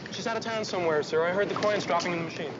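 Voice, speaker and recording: A high, urgent voice of a young sailor calling out news, played by a man. Loud outdoor noise presses in around him. The sound is dull and dated like an old TV broadcast. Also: rapid-fire, lightly acted.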